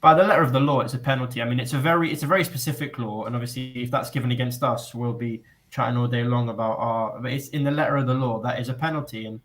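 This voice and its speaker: A man's voice: mid-range voice, fast talker, hardly any pauses, poor audio. A young man calling in as a fan guest, giving an articulate, long-winded football match analysis over a remote call. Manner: articulate, even-toned, long flowing points.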